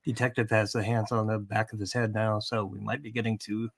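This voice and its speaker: Relaxed man co-hosting a true-crime chat. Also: on the low side, fairly quick, gravelly, breathy edge. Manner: relaxed, frequent fillers and laughter. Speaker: co-host and producer of a true-crime live show. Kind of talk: casual chat.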